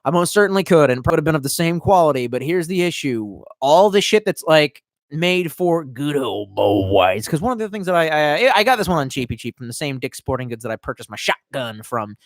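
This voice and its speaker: A man's voice: on the high side, lively intonation, fairly quick, hardly any pauses, no room sound, studio quality. A young man ranting casually to his live chat, profane and rambling. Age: young adult. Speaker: live streamer.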